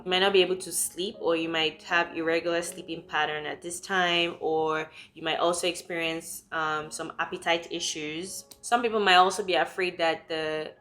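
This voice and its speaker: A young woman from Nigeria, talking candidly and emotionally in a personal vlog, quick and full of fillers. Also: fairly low pitch, a bit bright. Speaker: vlogger.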